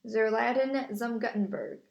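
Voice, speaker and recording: A man's voice: extremely high pitch, fairly even intonation, creaky, dull audio, exaggerated voice. Woman doing a thick-accented old German printer. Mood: eager. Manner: thick put-on accent, slow and eager. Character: courtly medieval German printer, hologram, male. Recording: echoey room.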